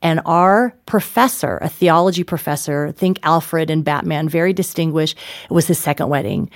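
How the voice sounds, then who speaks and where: A middle-aged woman, a guest author, telling stories casually in an interview, animated and laughing, acting out quoted voices. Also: sits low, moderate pace, dry recording, studio quality.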